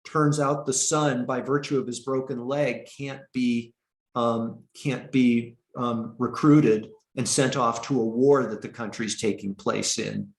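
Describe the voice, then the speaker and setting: A man teaching an online meditation class, speaking slowly and haltingly with many restarts, over a video call. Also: mid-range voice, steady tone, vocal fry, echoey room. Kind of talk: online dharma talk.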